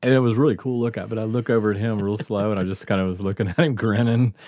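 A man's voice: lowish voice, fairly even intonation, fast, a little mellow, no room sound, clean studio sound. A man telling a story in casual chat, laughing often and swearing freely. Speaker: podcast host telling a story.

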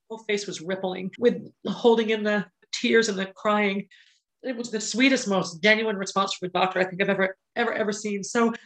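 A middle-aged woman hosting a podcast, telling a personal story with emotion, at times near tears, with pauses and restarts. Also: mid-range voice, fairly bright tone, low-quality recording. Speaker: podcast host. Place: indoors, filming herself.

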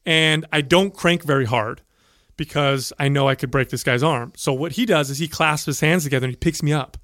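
A man telling a story in casual chat, animated and profane, acting out the voices of the people in it. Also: a little high, brisk, no room sound, studio quality.

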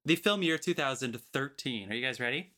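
A man co-hosting a casual film podcast, joking around and reading off long lists of movies quickly. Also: medium pitch, lively intonation, crowd noise. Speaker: podcast co-host.

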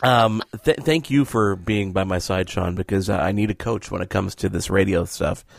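A man's voice: deep voice, moderate pace, gravelly. A man filling in as host of a casual podcast, joking about himself and laughing often. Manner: playful, self-mocking, laughs often.

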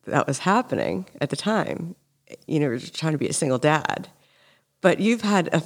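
A woman's voice: low voice, darkish tone. A woman hosting a conversational interview, telling stories earnestly and acting out quoted dialogue. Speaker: podcast host.

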